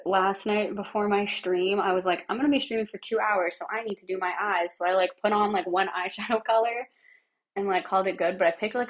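A woman livestreamer with a raspy, smoker-like voice and a lingering cough, chatting casually through a makeup tutorial and narrating each step as she works, sometimes dropping to a near-whisper. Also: mid-range voice. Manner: chatty, thinks aloud while working, drops to near-whispers.

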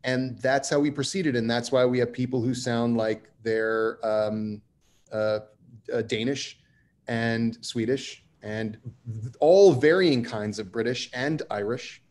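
A man's voice: mid-range voice, steady tone, slow pace, darkish tone. Guy on a panel talking about casting, mid voice, easygoing and emphatic. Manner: conversational, emphatic, self-deprecating humor. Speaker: writer on a panel. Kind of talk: panel discussion.

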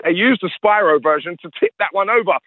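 A man's voice: high-pitched, quick pace, dry recording, narrow, tinny audio. A man, a radio interview guest who rants emphatically and repeats his points. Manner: ranting, emphatic, repeats himself. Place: radio studio.

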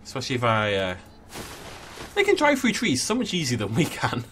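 Male let's player, casual, jokey, theatrical swings in pitch. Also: huge pitch swings, fairly quick, a bit bright, a little hiss or hum. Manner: playful, jokey, mock-dramatic. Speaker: gameplay commentator. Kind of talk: casual let's play commentary.

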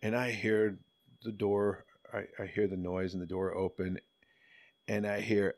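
Fifties male podcast guest, low voice, animated and profane storyteller, dry mic. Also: unhurried, no room sound. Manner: animated, profane, laughs through his stories. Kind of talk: casual storytelling.

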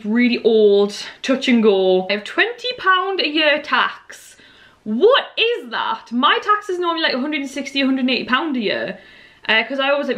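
A woman's voice: on the high side, fairly bright tone. A young woman chatting casually to camera in a vlog, rambling with fillers, her voice a little worn. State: slightly losing her voice. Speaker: vlogger.

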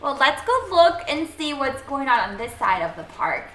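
A woman playing a family roleplay game, talking in an animated, excitable, bossy mom tone. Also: high voice, fairly quick, echoey room. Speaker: roleplay player voicing the mom figure. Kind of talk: playful game roleplay narration.

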